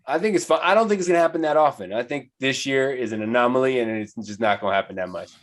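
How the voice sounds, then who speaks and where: A man co-hosting a sports podcast in casual banter, quick with a joke. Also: medium pitch. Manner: joking, animated banter. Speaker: podcast co-host.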